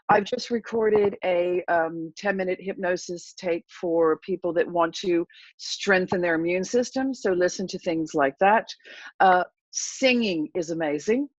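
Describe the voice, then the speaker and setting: Woman coaching a calming breath technique. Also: on the low side, dry recording, muffled recording. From England. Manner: confident, instructive, warm-paced coaching. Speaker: therapist and hypnotherapist guest. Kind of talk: interview answers with a guided breathing demo.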